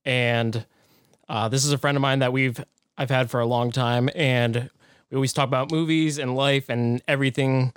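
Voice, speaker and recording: A man co-hosting a podcast, introducing a guest in a relaxed, friendly way. His voice is recorded dry and close. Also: medium pitch, normal speed, clean tone, dry recording. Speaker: podcast co-host. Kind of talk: casual podcast chat.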